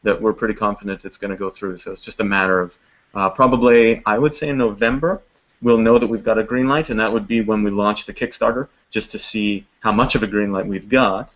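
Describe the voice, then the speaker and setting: A man's voice: lowish voice, steady tone, fairly quick, fairly bright tone. A man who makes a web series, talking in a video call interview in an upbeat, chatty way with lots of fillers. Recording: dull lo-fi call audio.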